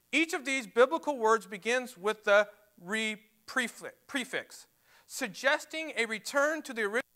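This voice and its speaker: A man's voice: very high-pitched, bright, forceful tone, clean tone. A man preaching a sermon to a church, emphatic and repeating words as he builds his points. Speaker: pastor. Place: church sanctuary.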